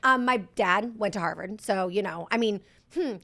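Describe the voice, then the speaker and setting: A woman with an American accent hosting a podcast, telling stories in a chatty way and tossing in quick agreements. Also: medium pitch, creaky, sharp tone. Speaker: podcast host. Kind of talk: casual podcast chat.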